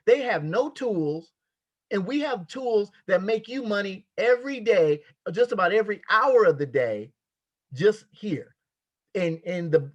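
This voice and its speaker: High-voiced, emphatic male sales trainer. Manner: emphatic, repetitive, preacher-like cadence. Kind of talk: motivational sales training talk. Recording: dull lo-fi sound.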